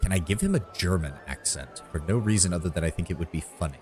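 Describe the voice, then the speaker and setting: A man's voice: sits low, lively intonation, quick pace, darkish tone. A man streaming a role-playing game, joking, swearing and thinking aloud, who also reads the game's story text. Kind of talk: casual game commentary and reading game text aloud. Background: faint game music.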